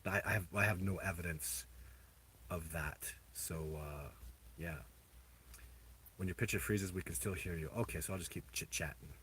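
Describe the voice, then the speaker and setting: A man hosting a casual livestream, answering viewer questions in a rambling, halting way with many restarts. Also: low voice, a bit bright, slight background noise. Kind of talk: casual live chat.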